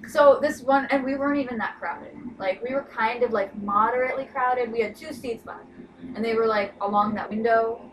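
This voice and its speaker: A young woman rattles through a workplace story in a casual chat, peppering it with "like" and "you know". Her voice sits fairly high and she talks quickly. She sounds set back from the mic, over a clear bed of background noise. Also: far from the mic, poor audio. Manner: chatty, lots of "like" and "you know". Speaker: podcast co-host.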